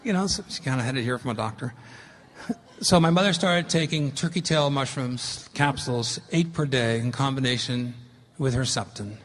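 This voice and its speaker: A middle-aged man gives a public lecture with slides, telling a story in an earnest, emphatic way. His mid-range voice moves at a moderate pace, and long hall reverb fills the recording.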